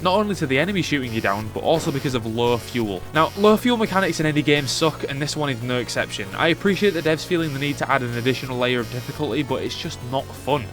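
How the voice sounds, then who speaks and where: A man narrating a comedic review of a retro game. He is sarcastic and sweary, slipping into mock outrage. Faint music plays softly behind his voice. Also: mid-range voice, expressive, fast talker, few pauses.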